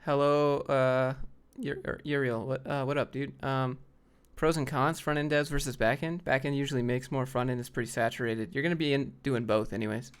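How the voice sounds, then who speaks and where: Male streamer host, easygoing and offhand, mid-pitched, lots of fillers. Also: steady tone, brisk, clean tone. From Atlanta, Georgia, US. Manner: laid-back, offhand, many fillers. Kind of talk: casual live stream chat.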